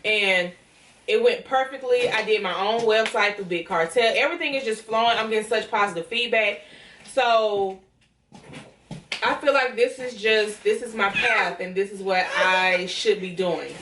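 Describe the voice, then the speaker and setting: A young woman excitedly unboxing and showing her own lash brand in a casual, rambling vlog. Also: mid-range voice, moderate pace, slight background noise. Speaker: vlogger launching a lash brand. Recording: roomy and distant with music behind.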